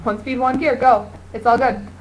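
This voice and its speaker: A woman's voice: a little high, fairly even intonation, normal speed, muffled recording, noisy background. A young woman co-hosting a homemade video, improvising a silly story in a rambling, giggly way. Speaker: video co-host.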